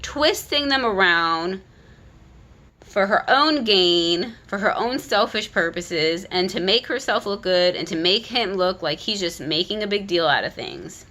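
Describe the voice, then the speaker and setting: A woman giving an animated, critical retelling of a children's book, talking casually with frequent restarts. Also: mid-range voice, measured pace. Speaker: content creator.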